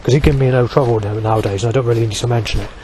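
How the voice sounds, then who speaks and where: A man's voice: mid-range voice, steady tone, racing, warm tone. A man delivers a rambling vlog monologue in his ordinary mid-range voice. He swears constantly, trails off into fillers and restarts his sentences. Faint background noise sits under his speech.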